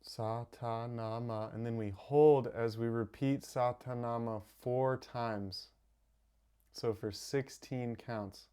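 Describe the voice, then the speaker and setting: A man guiding a live breathwork meditation, calmly giving instructions and softly counting the breaths. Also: medium pitch, clean tone. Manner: slow, calm, counting softly. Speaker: meditation teacher. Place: home streaming setup.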